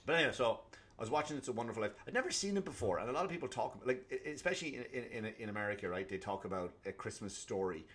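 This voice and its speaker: A man hosting a comedy podcast, ranting alone in a profane, animated way. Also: on the low side, racing, husky. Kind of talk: solo comedic rant.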